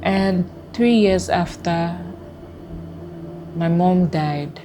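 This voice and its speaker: A Nigerian woman giving a personal testimony, speaking haltingly with emotional pauses. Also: fairly low pitch, steady tone, warm tone, a little hiss or hum. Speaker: testimony guest.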